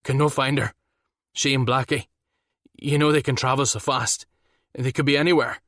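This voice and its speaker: A man's voice: mid-range voice, moderate pace, fairly bright tone, no echo, clean studio sound, voice pushed up, close to an everyday voice. Man doing a frantic, shaky husband. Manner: shaky, breathless pleading.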